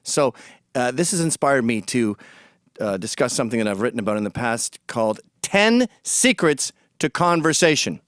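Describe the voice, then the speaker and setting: A middle-aged man from Britain giving a blunt, mocking monologue, switching between loud jabs and muttered asides. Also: medium pitch, sing-song, moderate pace, no echo, clean studio sound. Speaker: commentator. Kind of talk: opinionated monologue to camera.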